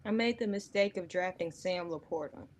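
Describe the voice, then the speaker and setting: A woman's voice: lowish voice, normal speed, slight background noise. A woman on a sports podcast, talking in a sassy, dismissive way. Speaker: podcast co-host. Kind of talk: casual sports chat.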